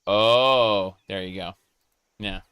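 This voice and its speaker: A gaming streamer casually comments on his game as he plays, reading chat aloud and joking along in character. His voice is fairly low, fairly bright, clear and resonant, spoken extremely slowly with no echo.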